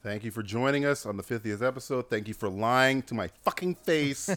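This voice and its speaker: Animated profane male podcast host. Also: medium pitch, a little fast. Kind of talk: casual chat.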